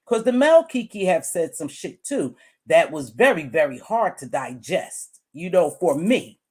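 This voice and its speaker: A woman's voice: fairly low pitch, big pitch swings, measured pace, a little mellow, breathy edge. A woman giving a casual commentary monologue, chatty and musing, repeating her points and chewing gum as she talks. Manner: chewing gum while talking. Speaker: YouTube commentator.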